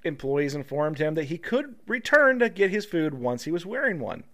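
A man's voice: on the high side, very animated, normal speed, fairly bright tone. A man co-hosting a casual comedy podcast, reading news stories aloud and breaking off to joke and laugh. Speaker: podcast co-host.

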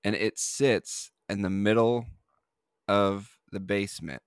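A man's voice: on the low side, slow, smooth, no room sound, studio quality. A man hosting a podcast in casual chat, rambling with many fillers and restarts. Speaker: podcast host.

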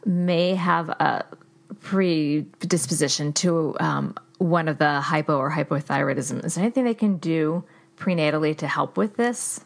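Supportive woman host, lowish voice. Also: measured pace, vocal fry. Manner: supportive, brief affirmations. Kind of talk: interview questions.

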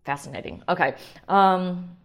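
Chatty, excitable woman podcaster. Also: on the low side, measured pace, gravelly. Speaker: wine podcast host. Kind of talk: casual solo wine talk.

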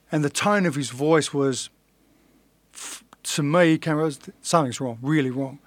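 A man's voice: a little high, unhurried, no room sound. Blunt man telling his story. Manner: blunt, earnest, swears casually. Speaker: guest, fighter. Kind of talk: casual storytelling interview.

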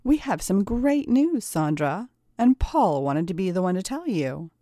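A woman's voice: medium pitch, very animated, unhurried, warm tone, no echo, clean studio sound. A woman voicing a scheming young woman who taunts and mocks with smug confidence. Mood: taunting. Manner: taunting, mocking.

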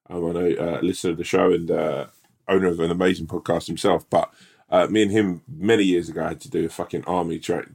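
A man with a very low voice chats on a podcast. He rambles, restarts and swears as he riffs, laughing at his own jokes. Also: creaky, darkish tone, breathy edge. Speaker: podcast co-host. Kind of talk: casual chat.

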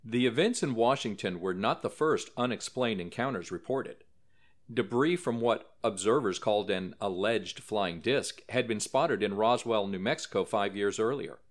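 A man narrating a documentary-style story in a scripted, dramatic way, lifting his voice for quoted lines. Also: on the low side.

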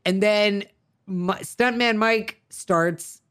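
A woman's voice: mid-range voice, extremely slow, clear, resonant tone. A woman chatting casually about a film, sarcastic and full of restarts.

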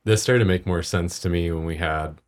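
Low-voiced man telling a lively story. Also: fairly quick. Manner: animated storytelling, laughs often. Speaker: podcast co-host. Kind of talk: casual faith discussion.

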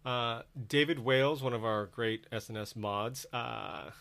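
A man hosting an interview, asking deliberate questions and reading out listener questions. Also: mid-range voice, creaky, a bit bright. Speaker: host.

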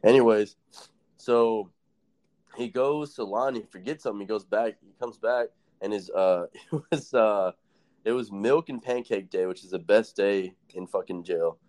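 A man's voice: lowish voice, moderate pace, darkish tone. Rambling, cussing man telling stories. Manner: rambling, profane, laughs often. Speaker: podcast host. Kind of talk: casual storytelling chat.

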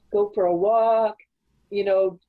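A woman guest on a podcast, chatting casually and telling animated stories, often breaking into laughter. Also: medium pitch, narrow, tinny audio. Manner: animated storytelling with frequent laughs. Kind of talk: casual interview chat.

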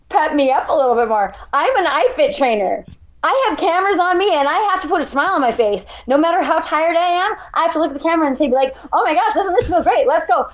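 A woman ultrarunner, a guest in an interview, telling her race story in an animated, emotional way. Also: a little high. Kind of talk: conversational interview.

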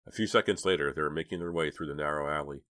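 Deep-voiced man reading a story. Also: very fast, a bit bright, no room sound. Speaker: audiobook reader. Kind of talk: audiobook narration.

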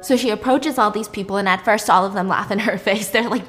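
A young woman retelling a story in a casual, chatty, animated way. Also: medium pitch, brisk, hardly any pauses, long reverb tail, faint music behind. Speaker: storyteller host.

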